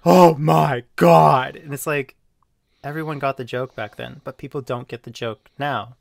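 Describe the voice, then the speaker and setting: A man's voice: mid-range voice, steady tone, moderate pace, fairly bright tone, dry recording. A man in a casual monologue, rambling and defensive, with lots of fillers and self-justification. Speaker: online video creator being reviewed.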